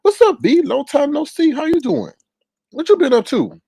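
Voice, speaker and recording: At a normal speed and with a creaky voice, a man hosts a live stream full of casual storytelling. He animatedly quotes people in high, over-the-top voices and reads comments aloud to tease viewers. The sound is clean studio quality with no echo.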